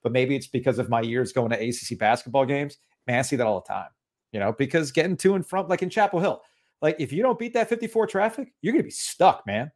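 A man's voice: mid-range voice, fast. Guy cohosting a sports pod, jokey and rambly, medium voice, lots of likes. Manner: animated, joking, many "like" fillers. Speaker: sports podcast co-host. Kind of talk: casual sports chat.

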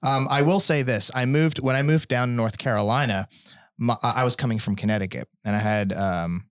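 A man's voice: mid-range voice, a little fast, smooth, dry recording. Young male podcast guest, mid-range voice, chatty and self-interrupting, dry mic. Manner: rambling, self-interrupting, laughs often. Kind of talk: casual chat.

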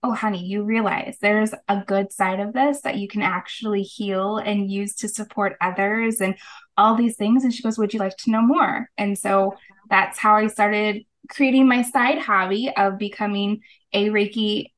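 A woman's voice: mid-range voice, fairly even intonation, normal speed, poor audio. A middle-aged woman, a guest on an interview show, telling her story in an earnest, casual way and acting out the voices of people she quotes. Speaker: guest, holistic practitioner.

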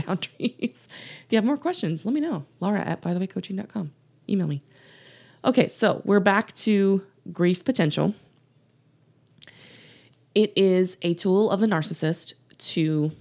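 Earnest, low-voiced woman coach podcasting. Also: darkish tone. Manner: earnest and emphatic, repeats key points, laughs lightly. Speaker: podcast host and life coach. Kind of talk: solo podcast monologue.

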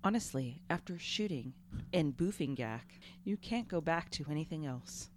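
Female podcast host, lower voice, bawdy and giggly, faint hiss behind. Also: lively intonation, moderate pace, darkish tone. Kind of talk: casual comedic chat.

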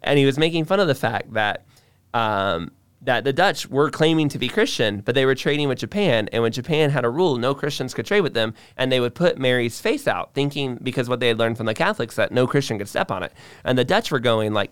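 A man's voice: medium pitch, quick pace, clear, resonant tone, no echo. A man co-hosting a podcast, explaining his views at length in casual discussion, with frequent restarts. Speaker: podcast co-host.

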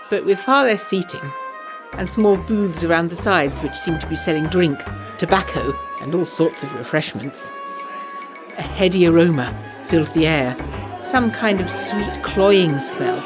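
A woman narrating a letter in an audio drama, eager and gossipy with quick asides. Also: fairly low pitch, lightly acted. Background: jazz music.

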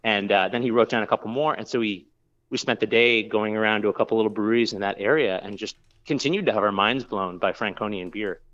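A man's voice: lowish voice, quick pace, fairly bright tone, dull audio. A man who works as a brewer, telling a long story in a casual interview, rambling with lots of fillers and restarts.

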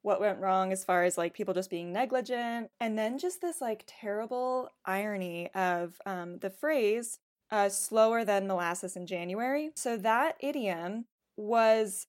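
A woman's voice: mid-range voice, measured pace. A woman co-hosting a podcast, telling a story from her research in a casual, chatty way, full of "like" fillers. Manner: chatty, filler-heavy with frequent "like". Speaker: podcast co-host presenting research. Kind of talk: casual chat.

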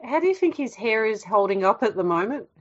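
Woman, podcast co-host, chatty, laughs easily, slightly high voice, dull recording. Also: very animated, a little fast. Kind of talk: casual movie-watching chat.

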